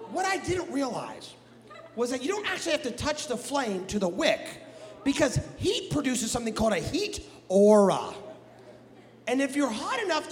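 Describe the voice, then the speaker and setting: A man from the Midwest, a guest pastor telling a comic story in a sermon, animated and jokey with bursts of shouting. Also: very high voice, normal speed, some chatter behind. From American Midwest. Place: church sanctuary. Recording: long hall reverb in a church.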